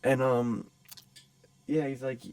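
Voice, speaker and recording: A man's voice: medium pitch, level tone, takes it slowly, darkish tone, no echo. A man hosting his own podcast, telling a story in a rambling, profane, casual way. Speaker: podcast host.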